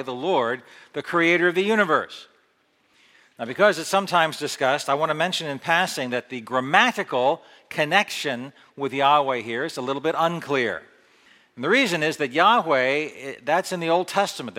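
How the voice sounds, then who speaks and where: A man giving a sermon who reads scripture aloud with rising emphasis, then explains it in a relaxed, conversational way. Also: a little high, big-room sound. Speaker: Bible teacher.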